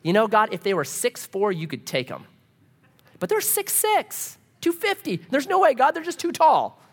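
A man's voice: very high-pitched, huge pitch swings, normal speed, voice pushed up, exaggerated voice. A man voicing a group of fearful men whining to God that their enemies are too tall. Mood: whiny.

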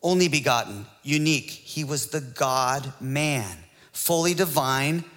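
A male pastor preaching a sermon, building to excited rhetorical questions and calls to the congregation. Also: medium pitch, a little slow, long reverb tail.

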